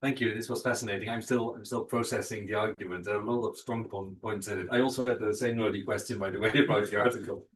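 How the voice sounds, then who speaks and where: Man moderating a lecture Q&A, low-pitched, halting with fillers, picked up from afar. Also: steady tone. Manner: hesitant, many fillers and restarts. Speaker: moderator asking questions. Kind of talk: academic Q&A. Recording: distant mic.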